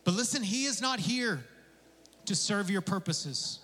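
Animated high-voiced preacher in a reverberant hall. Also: male voice, a little slow. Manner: animated, conversational preaching with asides and jokes. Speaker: pastor. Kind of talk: sermon.

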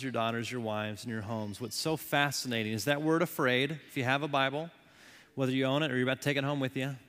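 A man in his thirties preaching a sermon as a pastor, with impassioned delivery that rises loud and falls soft. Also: mid-range voice. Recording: long hall reverb.

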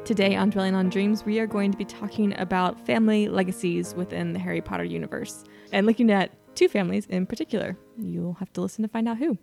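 A woman's voice: medium pitch, fairly even intonation, quick pace, creaky, few pauses, darkish tone, faint music behind. A woman co-hosting a casual fan podcast, explaining things with enthusiasm and laughing often. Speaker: podcast co-host.

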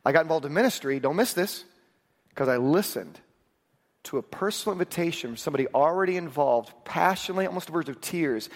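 Male pastor, sermon delivery, animated storyteller with acted asides, fairly high voice, long reverb.

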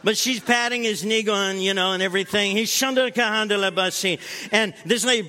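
A man in his sixties, a guest pastor, preaching a sermon with animated storytelling and acting out scenes. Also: high voice, fairly quick, long reverb tail.

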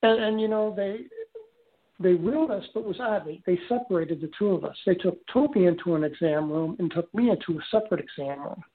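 A man with a high-pitched voice talks briskly as a guest telling a long personal story. He wanders casually, stumbling into fillers and restarts, and the phone line sounds tinny.

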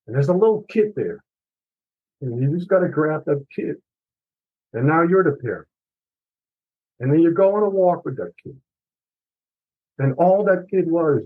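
On tinny audio, a middle-aged man who writes books opens up about his personal story as a guest on a podcast, earnest and emotional with occasional swearing. His voice is on the high side, narrow, with a breathy edge.

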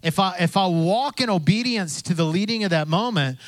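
A man's voice: high-pitched, expressive, normal speed, no room sound. A man preaching a sermon in a conversational way, repeating phrases and acting out the voices he quotes. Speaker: pastor.

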